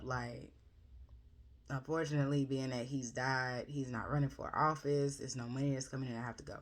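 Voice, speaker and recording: A woman's voice: very deep voice, moderate pace. A woman recapping a book in a casual, rambling chat, gushing about it and correcting herself often. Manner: rambling, chatty, with frequent fillers and self-corrections; animated, gushing and expressive. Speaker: book reviewer.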